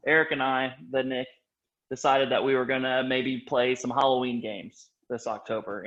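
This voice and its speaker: A man's voice: mid-range voice, fairly bright tone, muffled recording. A man co-hosting a casual gaming podcast, talking in a loose, rambling way and correcting himself as he goes. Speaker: podcast co-host.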